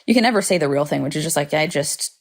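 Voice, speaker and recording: A woman's voice: deep voice, lively intonation, very fast. A woman hosting a podcast, telling a personal story in a chatty, dramatic way, full of "like" fillers and casual swearing. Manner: vivid, dramatic retelling. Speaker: podcast host.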